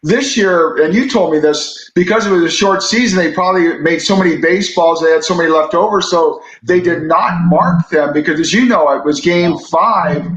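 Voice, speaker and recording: A man, a sports reporter co-hosting a talk show, telling stories in a relaxed, chatty way. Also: a little high, normal speed, hardly any pauses, slight background noise. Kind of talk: casual chat storytelling. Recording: echoey room.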